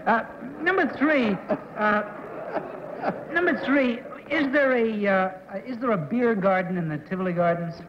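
A man's voice: sits high, measured pace. A man on a game show panel who teases the contestants with wry remarks. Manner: wry, teasing. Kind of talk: casual game show questioning. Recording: dull 1960s TV recording with hiss in a reverberant studio.

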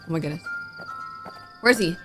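A woman's voice: on the low side, animated, brisk. A woman giving let's-play commentary, jumpy and flustered. She keeps crying out in alarm and pleads with the game under pressure. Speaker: gaming YouTuber. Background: game music.

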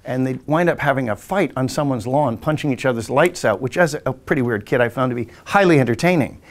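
Older man, from England, podcast host, casual rambling storytelling, mid-pitched voice. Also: a little fast. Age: 60s. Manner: rambling anecdotal, acts out family voices.

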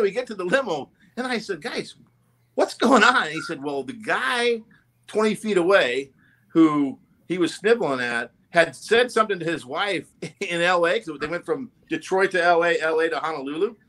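Man in a casual roundtable who tells lively anecdotes and keeps laughing as he acts out the quotes, with a bright, sharp tone. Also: fairly high pitch, husky. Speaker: former sales executive telling stories.

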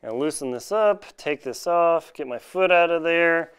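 A man's voice: fairly high pitch, normal speed, fairly bright tone, smooth. A man chatting casually in an unboxing vlog from home, joking and laughing at himself as he reviews gear. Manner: chatty, self-mocking, jokes and laughs at himself.

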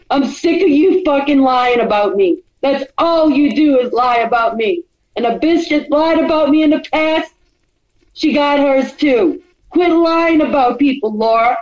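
Brief: angry woman streamer, high voice, swearing tirade, dull muffled audio. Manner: furious, profane, repetitive and threatening. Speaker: livestreamer. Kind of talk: angry confrontational rant.

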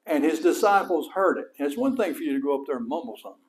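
Here's a fast-talking middle-aged man from West Texas, a pastor giving a sermon. His delivery is homespun and spirited, and his pitch shoots up whenever he emphasizes something.

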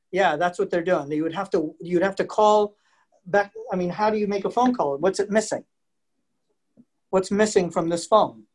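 Over a video call, a man with a high, darkish voice presents a lively virtual history lesson for families and children. As a museum program host, he laughs a lot and keeps quizzing his listeners.

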